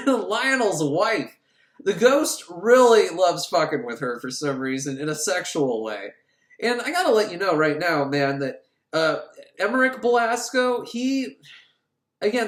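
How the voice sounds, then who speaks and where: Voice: medium pitch, echoey room. A podcaster recapping a film in a rambling, joking way, often breaking into laughter. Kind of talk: comic movie recap.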